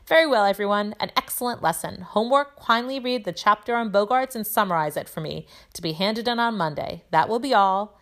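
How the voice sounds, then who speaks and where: A woman voicing a calm, kindly male magic professor who gives brisk, encouraging instructions to his class. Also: medium pitch, voice pushed up. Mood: pleased.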